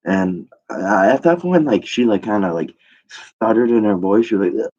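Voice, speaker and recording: A man's voice: lowish voice, animated, normal speed, darkish tone. A young adult male comedian telling a rambling, profane stand-up story, full of fillers. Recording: dull lo-fi recording.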